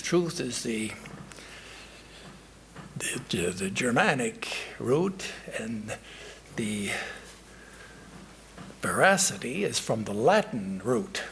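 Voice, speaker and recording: A male monk giving a sermon in a temple, telling a story and reflecting in a measured way with frequent pauses and hesitations. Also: mid-range voice, vocal fry, fairly bright tone, slight background noise.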